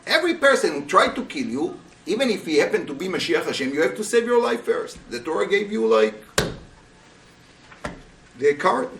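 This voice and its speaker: A male rabbi teaches a Torah class, pressing his students with animated rhetorical questions. His voice sits high and leaps around in pitch. He is picked up from a distance, with the echo of the room around him. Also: normal speed, long pauses, slight background noise. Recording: roomy, voice from a distance.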